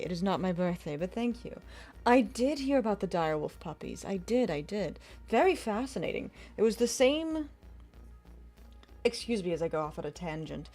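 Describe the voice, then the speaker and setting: A woman streamer putting on a soft, gentle motherly voice while chatting with her viewers. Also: medium pitch. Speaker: game streamer. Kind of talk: casual live-stream chat.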